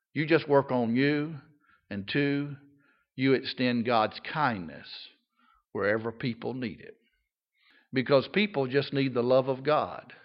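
Folksy older preacher, lo-fi sermon. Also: male voice, mid-range voice. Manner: folksy, swings between loud emphatic lines and quiet soft ones. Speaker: pastor.

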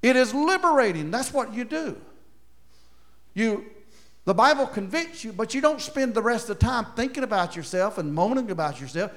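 A man preaching a sermon as pastor, moving between loud emphatic points and quiet, chuckling asides. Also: sits high, sing-song, moderate pace.

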